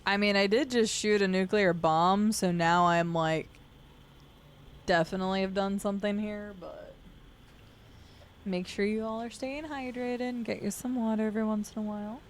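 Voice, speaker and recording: A woman's voice: mid-range voice, fairly even intonation, moderate pace, slight background noise. A woman streaming a video game, giving casual commentary and sarcastically talking back to the characters.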